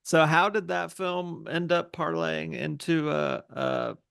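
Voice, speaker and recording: A man's gravelly, slightly raised voice asks relaxed follow-up questions as podcast host. He chuckles briefly between remarks and keeps the exchange casual. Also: fairly high pitch, slow pace. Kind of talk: casual interview chat.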